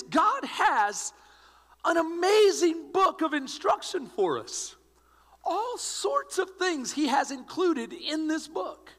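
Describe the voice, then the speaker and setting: A male pastor preaching with an emphatic, exhorting drive, his high voice swooping up and down. The sound rings out in a church hall with a long reverb. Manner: exhorting, emphatic, rising to shouts. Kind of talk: sermon.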